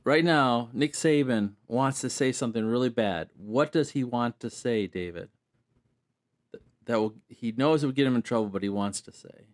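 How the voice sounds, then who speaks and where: A man hosting a podcast, moving the sports chat along quickly and laughing with his guests. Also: medium pitch. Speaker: podcast host.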